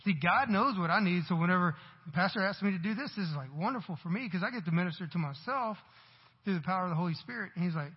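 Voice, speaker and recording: A man's voice: high voice, lively intonation, quick pace, slightly rough, long reverb tail, lo-fi sound. A man who is a parent, preaching a church sermon, earnestly posing questions to the congregation. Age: adult parent. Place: church sanctuary.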